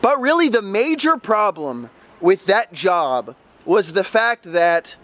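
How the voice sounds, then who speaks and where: A man's voice: high-pitched, very animated, takes it slowly, a bit bright, dry recording. A man vlogger telling a casual story about a past tutoring job, emphatic and exasperated, building to outbursts. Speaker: travel vlogger and former ESL tutor.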